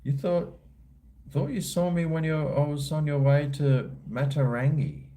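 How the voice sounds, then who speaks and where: Aussie man, mellow tone, rambling livestream host chatting with viewers. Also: a little high, a little slow. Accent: Australian. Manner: rambling, laid-back, slangy. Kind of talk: casual chat answering viewers live.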